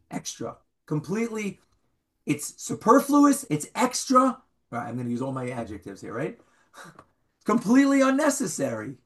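A man's voice: high voice, normal speed. A man teaching an interactive Bible class to a small group, questioning his students and reading verses aloud. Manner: animated, questions the students, reads Hebrew aloud.

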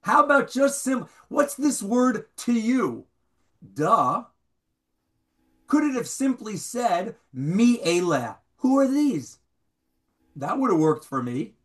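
Animated man teaching a Bible class. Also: high voice, slow. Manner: animated, questions the students, reads Hebrew aloud. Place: classroom with a small group.

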